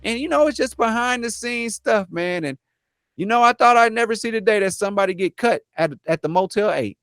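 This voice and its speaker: A man's voice: sits high, expressive, a little fast, fairly bright tone, clear, resonant tone, no echo, clean studio sound. A man co-hosting a casual podcast, riffing loosely on the news and repeating words as he goes. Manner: laid-back, repeats words, says man a lot. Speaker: podcast co-host. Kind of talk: casual news commentary chat.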